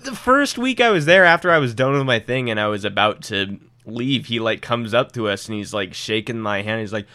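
A man's voice: fairly low pitch, a little fast, few pauses, bright, forceful tone, smooth, no room sound. A young man in casual chat, telling stories animatedly and swearing often.

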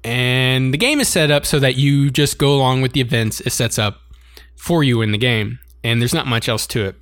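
A man in a casual co-hosted chat, retelling an anime episode with lively delivery and frequent laughter. His voice sits at an ordinary middle pitch. The sound is dry and close, with almost no room around it. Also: moderate pace, no echo. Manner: animated, laughs often while recounting scenes. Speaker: podcast co-host.

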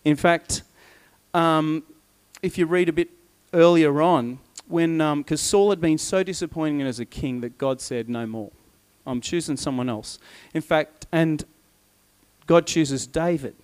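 A man preaching a sermon, retelling a story in a lively way and acting out the voices of its people. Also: fairly high pitch, a little slow, smooth.

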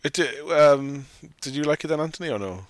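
A man's voice: fairly high pitch, lively intonation, brisk, dry recording. A man hosting a casual film discussion, rambling and often correcting himself as he argues his opinions. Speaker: podcast host.

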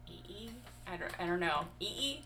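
A woman's voice: on the low side, animated, brisk, pushed and bright. A tired woman guest in casual conversation, chatty and rambling, laughing easily. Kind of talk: casual chat.

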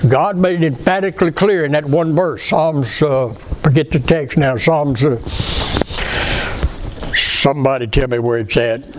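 A preacher, a man with a slightly high voice, delivering an earnest, folksy sermon. He keeps turning to his congregation with questions. A faint hiss of noise sits under the recording. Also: unhurried.

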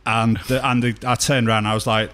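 A man's voice: mid-range voice, flat delivery, fairly quick, fairly bright tone, smooth. A man hosting a podcast, telling a chatty anecdote in casual conversation. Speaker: podcast host. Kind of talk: casual chat.

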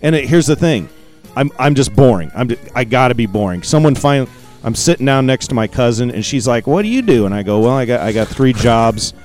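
A man's voice: mid-range voice, a little fast, a little mellow, soft background music. A man co-hosting a casual chat, telling rambling self-deprecating family stories.

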